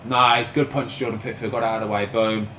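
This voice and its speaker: A man's voice: on the low side, flat delivery, a little fast, bright, forceful tone. A man hosting a casual chat, telling stories with eager enthusiasm in a room at his home. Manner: chatty, enthusiastic storyteller. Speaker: host. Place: room at home full of framed shirts. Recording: echoey room, faint background noise.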